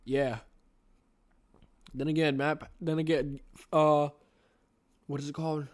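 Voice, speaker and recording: Rambling young man, higher voice. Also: flat delivery, slow. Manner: rambling, restarts, talks to himself. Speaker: streamer reading a novel. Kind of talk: casual rambling chat.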